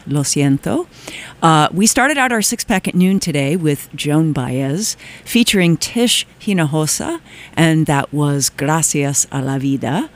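A woman co-hosting a weekly radio music show, casually back-announcing songs in a chatty, enthusiastic way, often pausing on "uh" as she gathers her words. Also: low-pitched. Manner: chatty, enthusiastic, with frequent "uh" hesitations. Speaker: radio DJ and co-host. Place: radio studio.

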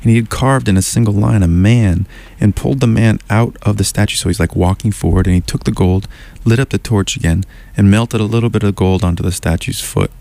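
Low-voiced man telling a winding story. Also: a little fast, vocal fry, hardly any pauses, mellow. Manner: loose, winding storyteller who circles back on himself. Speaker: musician guest. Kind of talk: radio interview storytelling.

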